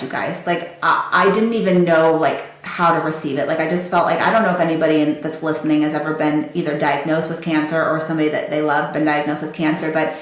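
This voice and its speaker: A woman hosting a podcast, telling her listeners a personal story and acting out the conversations in quoted dialogue. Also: low voice. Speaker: podcast host. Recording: very echoey room.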